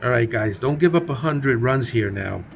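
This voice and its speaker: Male gaming host, gravelly voice, casual joking play-by-play for a baseball sim. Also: medium pitch, expressive, normal speed, slight background noise. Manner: playful, jokey, chatty commentary.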